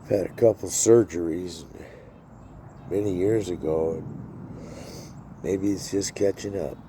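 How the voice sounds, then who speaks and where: Man in his sixties, weary, profane, very low voice, faint traffic behind. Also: takes it slowly, mellow. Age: 60s. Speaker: vlogger. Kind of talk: rambling personal vlog. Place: outdoors.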